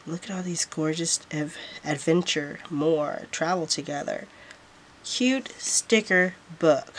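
A woman vlogger talks through a planner haul in a relaxed, unhurried way, gushing over every sticker. Her voice sits a little low, and there is a faint hum behind her. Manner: gushing, repeats "so freaking cute". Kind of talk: casual product haul.

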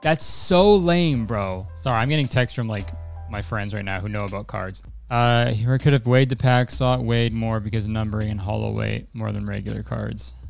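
A young adult man live-streaming a card opening, excitable and swearing a lot, swinging between hype and frustration. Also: on the low side, normal speed, creaky, soft background music.

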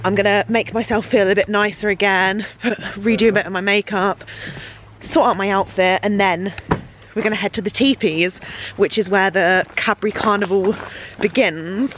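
A woman's voice: mid-range voice, fairly even intonation, moderate pace, a bit bright, slight background noise, poor audio. A young woman, vlogging on a handheld camera from inside a large holiday lodge. She is gushing and giddy, laughing often. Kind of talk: excited casual vlog.

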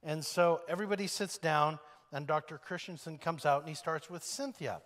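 A man's voice: a little high, moderate pace, long reverb tail. A man preaching a sermon, telling a story and acting out the people in it. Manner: animated storyteller acting out quoted voices. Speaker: pastor.

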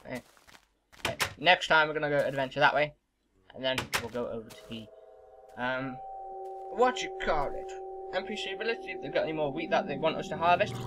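A young man giving casual, excitable gameplay commentary as a gaming video host, swearing and shouting at the game's monsters. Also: on the high side, slight background noise. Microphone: desk microphone.

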